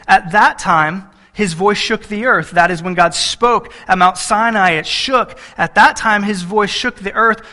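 Pastor guy preaching, high bright voice, reads verses and asks the church questions. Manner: rhetorical questions to the congregation, reads verses aloud. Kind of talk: expository sermon.

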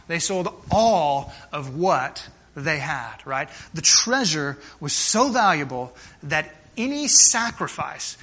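A man preaching a sermon to his congregation, earnest and direct, often restarting phrases and slowing down to stress key words. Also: on the high side, pushed and bright. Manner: earnest, with frequent restarts and slowed emphasis. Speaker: pastor.

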